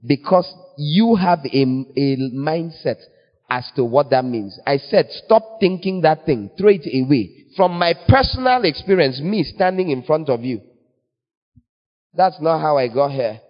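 A fairly high-voiced man preaching a playful, teasing sermon with sudden leaps in pitch. His voice rings with a long church reverb and comes through with a dull, lo-fi sound. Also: expressive, measured pace.

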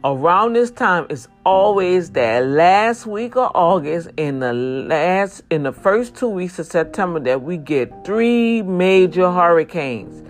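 A woman from Louisiana with a low voice talks straight to her viewers in an earnest, preachy way. She warns them plainly and directly. Faint music plays behind her. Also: expressive, takes it slowly, few pauses. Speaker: vlogger. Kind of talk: casual talk to viewers.

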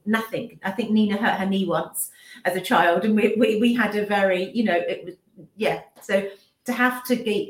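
A woman in her fifties speaks candidly and emotionally as an interview guest. She often restarts her sentences and acts out what others said. Her voice sits mid-range and carries a noticeable roomy echo. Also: medium pitch. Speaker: business owner and mother, interview guest. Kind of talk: candid personal account in an interview.

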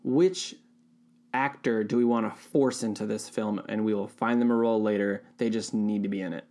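A man's voice: on the low side, steady tone, moderate pace, warm tone. A man hosting a casual movie podcast, chatting and laughing often, restarting his sentences. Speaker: podcast host. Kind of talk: casual chat about movies.

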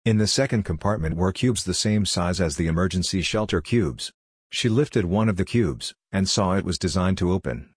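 Low, husky male narrator. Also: normal speed, dry recording, studio quality. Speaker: audiobook narrator. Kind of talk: scripted narration.

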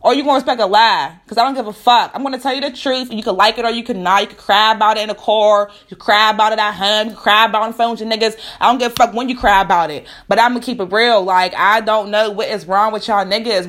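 A woman's voice: medium pitch, steady tone, fast talker, few pauses, fairly bright tone. A woman, ranting bluntly to camera, profane and emphatic with repeated rhetorical questions.

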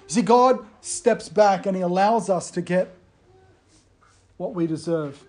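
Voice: medium pitch, slow, long pauses, a little mellow. Earnest preacher explaining scripture. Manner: earnest, explanatory, reads quotes aloud. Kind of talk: sermon.

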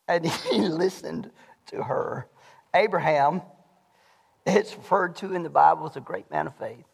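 A pastor preaching a sermon in a church, animated and swinging between shouting and hushed lows. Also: male voice, moderate pace, gravelly. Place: church sanctuary. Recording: long hall reverb.

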